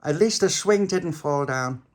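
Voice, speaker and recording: A man's voice: on the high side, expressive, a little slow, voice pushed up. A man voicing a bossy child ringleader who reasons his way through wild plans. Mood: scheming. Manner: bossy, reasoning, self-defending. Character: scheming child ringleader who talks fast.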